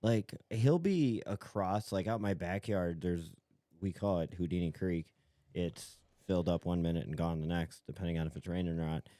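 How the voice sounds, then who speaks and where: A middle-aged man co-hosting a casual podcast, telling a story and jumping up high when he quotes others. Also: normal speed, dry recording, clean studio sound. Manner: animated, jumps high when quoting. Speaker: podcast co-host. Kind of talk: casual chat.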